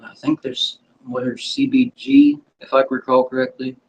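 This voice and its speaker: A man's voice: mid-range voice, big pitch swings, moderate pace, vocal fry. A man casually reviewing cannabis at home, laid-back and rambling, hedging what he remembers. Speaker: cannabis vlogger. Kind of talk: casual product review chat. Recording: distant, dull home recording with faint noise.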